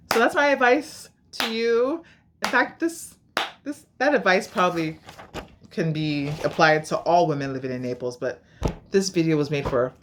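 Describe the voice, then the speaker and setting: An American woman talks straight to the camera in a casual advice vlog. Her voice sits low but swings widely in pitch as she tells stories and acts out the voices of people she quotes. She is emphatic and direct. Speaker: vlogger giving advice.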